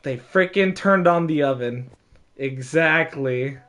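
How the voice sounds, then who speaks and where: A man's voice: fairly high pitch, slow pace. Chatty young man telling a story. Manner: animated, laughs often, lots of fillers. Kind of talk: casual storytelling.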